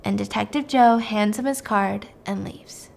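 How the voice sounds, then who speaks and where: A woman casually retelling a crime story, animated, swearing freely and acting out every character. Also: medium pitch, unhurried, creaky.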